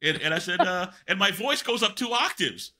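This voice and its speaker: Older male guest, animated anecdote-teller, bright tone, lots of fillers. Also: high voice, moderate pace. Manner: animated, rambling anecdotes with many fillers and self-interruptions. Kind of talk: storytelling in a podcast interview.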